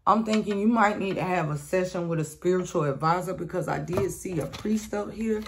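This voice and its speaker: A woman's voice: on the low side, brisk, slight background noise. A woman doing a casual collective tarot reading, talking bluntly with slang and profanity and calling listeners sweetheart. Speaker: tarot reader.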